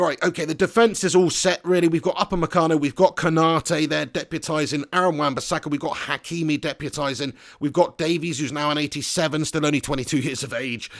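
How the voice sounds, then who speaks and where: A man with a Southern English accent streaming a football game, chatting and joking with his viewers. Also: fairly high pitch. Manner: chatty, jokey banter with viewers. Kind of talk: live stream commentary and chat shout-outs.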